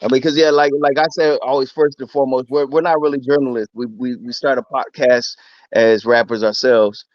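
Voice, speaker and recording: Fast-talking man, dull dry sound. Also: medium pitch, fairly even intonation, no room sound. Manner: quick, agreeable, many "yeah" and "real talk". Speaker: podcast co-host. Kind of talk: casual interview chat.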